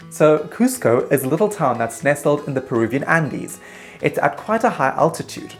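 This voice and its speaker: A man telling a comedic travel story in a vlog, animated and self-mocking, slipping into quick put-on voices. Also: on the high side, music in the background.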